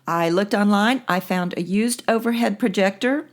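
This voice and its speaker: A middle-aged woman hosting a casual monologue, chatty and lively, laughing often as she tells stories. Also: mid-range voice, moderate pace. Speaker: podcast host.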